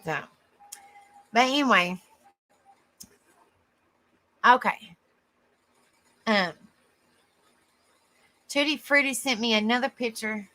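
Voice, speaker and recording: Bright, affectionate woman hosting live. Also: a little high, animated, takes it slowly, pauses often. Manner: affectionate, calls viewers honey and sweetheart; exclaims often, laughs easily. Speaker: live stream host. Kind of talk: casual live stream chat.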